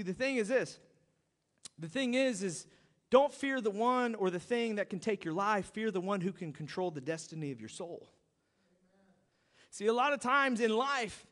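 High-voiced preacher in echoing hall. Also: male voice. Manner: storytelling, animated, conversational. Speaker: pastor. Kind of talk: sermon. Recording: long hall reverb.

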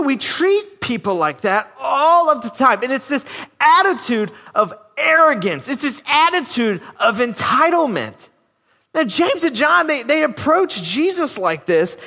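A man preaching a sermon in a church, animated and talking through rhetorical questions, often acting out the people he talks about. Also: very high-pitched, a little slow, vocal fry. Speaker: pastor. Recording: long reverb of a big hall.

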